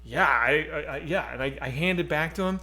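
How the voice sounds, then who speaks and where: A man's voice: on the high side, fairly quick. A man co-hosting a casual streamed chat show, telling stories and acting out what people said, swearing freely. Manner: animated, acts out quoted voices, swears freely. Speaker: podcast co-host. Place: home streaming setup.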